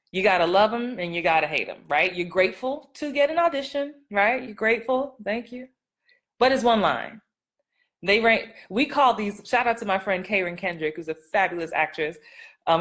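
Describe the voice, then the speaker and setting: A woman's voice: mid-range voice, fairly bright tone. A middle-aged woman acting coach giving casual live-stream advice, playful and sassy, laughing often and acting out line readings.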